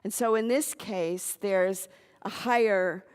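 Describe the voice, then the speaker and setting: A woman's voice: mid-range voice, takes it slowly, smooth. Woman minister telling a sermon story. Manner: conversational, animated retelling with asides. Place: church sanctuary. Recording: long reverb of a church hall.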